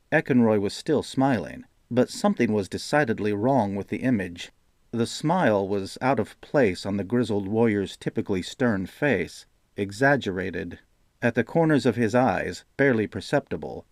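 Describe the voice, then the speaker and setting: A man narrating a fantasy audiobook in a measured, steady reading. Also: on the low side, dry recording, clean studio sound.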